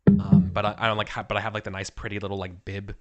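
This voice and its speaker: A man playing a tabletop role-playing game, chatting excitably, restarting sentences and rambling as he sets up his scene. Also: fairly low pitch, quick pace. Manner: excitable, self-interrupting, rambling. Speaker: player. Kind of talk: casual tabletop role-play.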